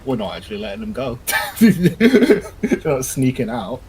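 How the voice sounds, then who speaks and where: A man's voice: medium pitch, sing-song, unhurried, a little mellow, breathy edge, low-quality recording. Laughing man at a game table. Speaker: player. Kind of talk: casual chat.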